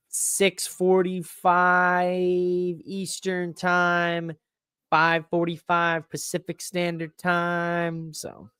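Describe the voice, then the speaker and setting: A man hosting a podcast alone, talking in an excitable, rambling way that swears freely. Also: fairly high pitch, smooth, dry recording, studio quality. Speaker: podcast host. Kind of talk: casual solo wrestling recap.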